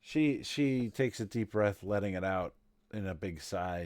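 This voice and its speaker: Slow-talking male game master. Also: lowish voice, darkish tone, dry recording. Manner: unhurried, conversational with fillers. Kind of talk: narrating a tabletop game online.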